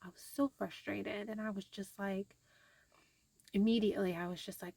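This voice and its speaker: A woman's voice: medium pitch, steady tone, normal speed, gravelly, a little mellow, dry recording. A young woman vlogging casually to camera, rambling with many fillers, tired and frustrated.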